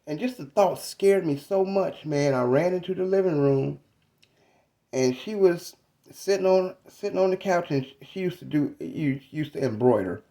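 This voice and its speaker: A man in his thirties telling a personal story about his mother in a reflective, halting, casual way. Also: fairly high pitch, expressive, warm tone. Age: 30s.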